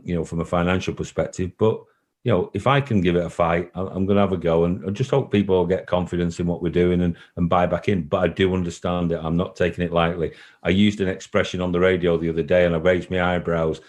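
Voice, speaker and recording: A football club chief executive with a deep, darkish voice takes interview questions over a recorded call. His answers are earnest and repetitive, occasionally turning emotional.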